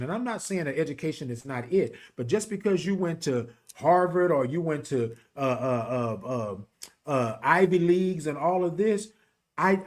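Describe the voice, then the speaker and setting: A man from Texas with a country twang, hosting a casual, emphatic talk show and speaking straight to his listeners in a folksy way. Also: a little high. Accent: Texan, country. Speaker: podcast host and HIV advocate. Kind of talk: casual direct-to-audience talk.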